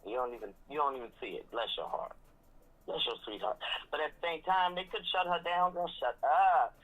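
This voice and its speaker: A woman's voice: low voice, lively intonation, fairly quick. A sassy woman gossiping about reality TV on a dull, lo-fi recording. She talks animatedly and drops into mocking impressions of the cast. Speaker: reality TV commentator. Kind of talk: casual recap chat.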